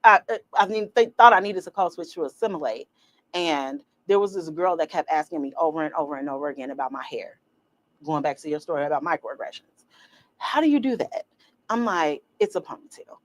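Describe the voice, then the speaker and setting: A woman's voice: low voice, a little fast. A middle-aged woman talks casually as a podcast co-host. She tells stories with energy and acts out what other people said. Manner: animated storyteller, acts out quotes. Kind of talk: casual chat.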